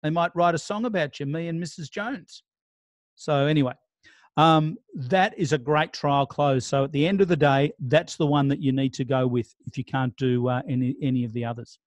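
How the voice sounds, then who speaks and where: A man's voice: on the high side, normal speed, no room sound. A man giving a casual real estate sales lesson, talking through client scripts with many restarts. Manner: conversational, role-plays client scripts, frequent restarts. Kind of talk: casual training talk.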